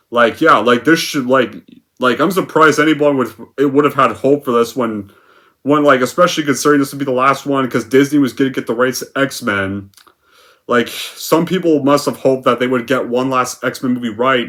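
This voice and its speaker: A man's voice: medium pitch, a bit bright. A young man giving a sarcastic, profane, rambling movie rant with lots of filler words. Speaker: movie reviewer.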